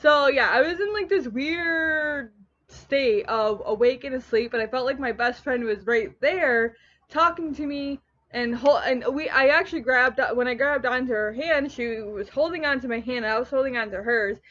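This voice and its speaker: A young woman telling a story in a casual home vlog, rambling and animated, often stopping herself mid-sentence. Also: sits high, normal speed. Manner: rambling, animated, self-interrupting. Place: at home on a couch. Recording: dull lo-fi home recording.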